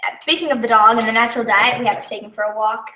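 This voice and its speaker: A woman's voice: on the high side, fairly even intonation, rapid-fire, bright, forceful tone, a little hiss or hum. A young woman chatting casually on a live stream, rambling and giggly with lots of fillers, recorded at home. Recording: echoey room, a bit far from the mic.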